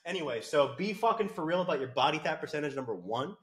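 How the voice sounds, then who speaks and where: Brief: crude, loud-mouthed male fitness coach, high voice, big swings, comedic rant. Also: animated, quick pace, few pauses. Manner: brash, crude, swearing, mocking. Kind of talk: profane comedic rant to camera.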